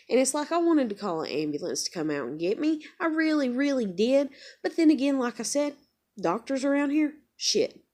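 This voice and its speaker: A woman's voice: very animated, normal speed. A young woman vlogging to camera, venting bluntly with heavy swearing, her voice climbing as she gets angrier. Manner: gets louder and higher when angry. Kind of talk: casual rant to camera.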